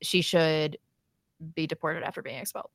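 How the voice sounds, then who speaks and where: A woman's voice: low-pitched, normal speed, fairly bright tone, no room sound, studio quality. A woman co-hosting a podcast in casual chat, reading viewer messages aloud with sarcastic humor and frequent laughter. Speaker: podcast co-host.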